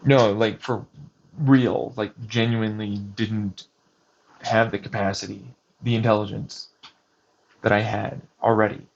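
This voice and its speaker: A man's voice: fairly low pitch, little pitch movement, a little slow, vocal fry. A man vlogging outdoors on a hiking trail, rambling through a personal story with lots of swearing and restarts. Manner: rambling, profane, restarts often. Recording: muffled lo-fi recording.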